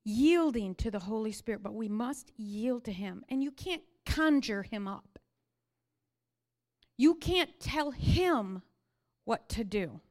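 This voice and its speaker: A woman preaching a sermon, telling stories with energy and then sinking to soft whispers. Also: a little high, takes it slowly. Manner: animated storytelling that sinks to soft whispers.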